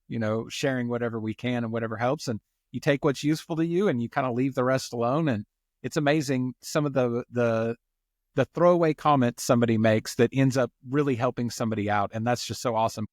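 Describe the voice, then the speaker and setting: A man with an American country twang and a nasal voice, a guest in a casual interview, talking in an energetic, folksy, self-deprecating way. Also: medium pitch, quick pace, no room sound, studio quality. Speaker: guest, community founder.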